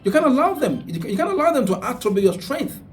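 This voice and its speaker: A man's voice: extremely high pitch, sing-song, quick pace, recorded from a distance, soft background music. A man hosting a radio talk show and giving earnest religious advice, repeating his points for emphasis. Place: radio studio.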